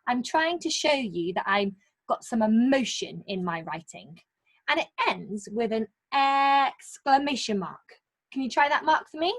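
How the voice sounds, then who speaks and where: Lively sing-song teacher woman. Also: fairly high pitch. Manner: encouraging, sing-song, stretches key words slowly. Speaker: primary school teacher. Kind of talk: recorded online lesson for young children.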